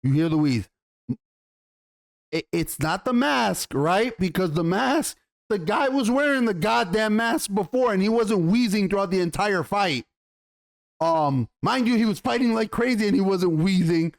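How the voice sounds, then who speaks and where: Man, high-pitched, ranting review, exasperated, swearing, stumbling restarts. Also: lively intonation, a little slow, vocal fry. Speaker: YouTube TV show reviewer.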